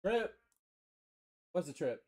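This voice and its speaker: Man, Maine accent, high voice, live card-break host, excited, slangy, shouts the hits. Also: slow pace. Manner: energetic, shouts big pulls, slangy banter. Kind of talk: excited live sales commentary.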